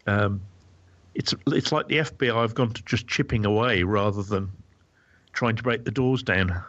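A man on a podcast panel thinks out loud. He repeats his words as he searches for the point he wants to make. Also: lowish voice, normal speed, highs cut off. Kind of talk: casual tech discussion.

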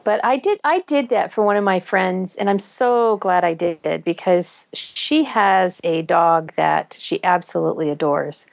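A woman's voice: lowish voice, a little slow, vocal fry, few pauses. A woman chatting casually and enthusiastically recommending apps, with frequent fillers. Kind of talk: casual chat.

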